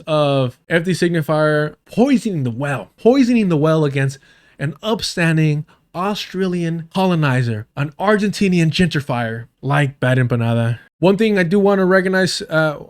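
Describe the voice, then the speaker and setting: A man commenting on a live stream in a heated, sarcastic and profane way. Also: on the high side. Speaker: streamer reacting to a debate.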